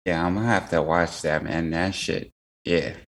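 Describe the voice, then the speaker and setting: A man's voice: low-pitched, fairly even intonation, normal speed. A man in casual conversation, answering with brief, laid-back reactions. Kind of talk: casual chat.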